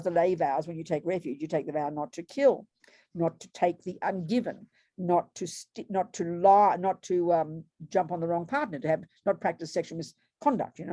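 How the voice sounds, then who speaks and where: Older nun in her 70s, teaching over a video call; warm-toned, frank, animated delivery. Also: medium pitch, no echo, clean studio sound. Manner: frank, animated, acts out inner voices. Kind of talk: Buddhist teaching talk.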